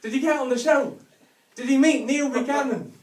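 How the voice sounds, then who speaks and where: A man putting on an eager young boy who asks excited questions, in an echoey room. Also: fairly high pitch, measured pace, far from the mic, a little hiss or hum.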